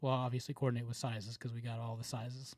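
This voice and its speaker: A man's voice: mid-range voice, little pitch movement, quick pace, a little mellow, dry recording. A man with a Southern American accent co-hosting a podcast, chatting casually with laughs and lots of fillers. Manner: laughing, rambling, filler-heavy. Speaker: podcast co-host. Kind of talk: casual chat.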